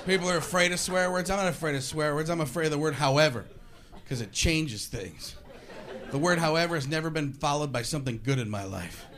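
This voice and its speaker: A man doing a stand-up comedy routine in an animated way, slipping into mock voices, with audience laughter behind him. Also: fairly high pitch, a little fast. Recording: live club set with crowd.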